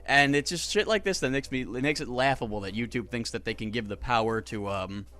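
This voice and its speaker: This YouTuber's mid-range voice runs a little fast as he reads comments aloud in a casual commentary video, mocking them sarcastically, profanely and with exasperation. Stammered restarts and chuckles punctuate his speech, which veers from loud to muttered.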